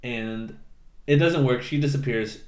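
Man, podcast co-host, casual recap, laughs often, average pitch, roomy echo. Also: a little slow, darkish tone. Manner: laughing, acts out lines in silly voices. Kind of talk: casual movie recap chat.

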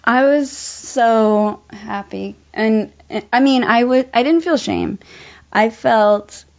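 Young woman chatting, fairly high voice, laughs a lot, kinda dull lo-fi sound. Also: slow pace. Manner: animated storyteller, laughs often, many fillers. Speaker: actor telling a story. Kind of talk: casual chat.

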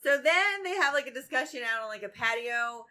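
A woman's voice: a little high, expressive, brisk, bright, forceful tone, low-quality recording. A woman co-hosting a casual book-club podcast, chatting and reading book passages aloud. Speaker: podcast co-host.

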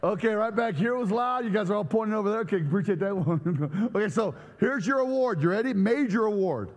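High-voiced man preaching, joking. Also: brisk. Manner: joking, energetic, banters with the audience. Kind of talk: humorous sermon to a live congregation. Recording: long hall reverb.

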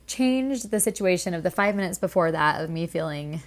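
Female podcast co-host, casual storyteller, acts out quotes, slightly low voice. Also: lively intonation, moderate pace. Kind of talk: casual chat.

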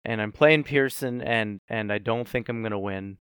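Man, podcast co-host, smooth resonant voice, dry close sound, casual swearing banter. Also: on the low side, moderate pace, fairly bright tone, no echo. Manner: laid-back, swears, laughs often. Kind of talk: casual chat.

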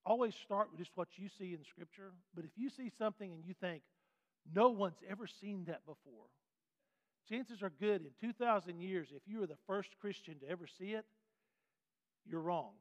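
A man teaching a Bible class in a folksy, animated way, putting questions to the class. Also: high-pitched, a little fast. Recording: dull sound with long hall reverb.

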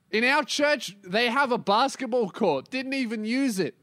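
Loud, foul-mouthed young man ranting. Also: very high voice, animated, moderate pace, few pauses, no room sound, clean studio sound. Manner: profane, yelling and ranting, jumps between topics. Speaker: podcast host. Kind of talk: solo comedic podcast rant.

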